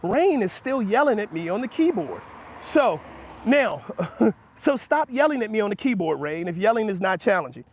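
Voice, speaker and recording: High-voiced man arguing with his livestream chat. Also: sing-song, normal speed. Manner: emphatic, argumentative, rising in pitch when making points; addresses chatters by name, laughs them off. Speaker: livestream host answering chat. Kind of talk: heated livestream talk to chat. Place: outdoors near passersby.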